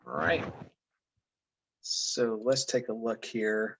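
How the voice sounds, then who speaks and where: Male teacher, mid-pitched, casual and chatty, full of fillers and restarts while explaining to students. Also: slow, creaky, fairly bright tone, a little hiss or hum, rough recording. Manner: loose, chatty, with many fillers and self-corrections. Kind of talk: casual classroom lesson.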